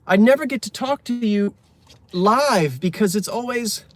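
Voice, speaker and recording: In the car, a guy reads cheesy jokes aloud, stumbling over words and laughing at his own expense in a chatty way. His voice is high and expressive, and he keeps to a measured pace.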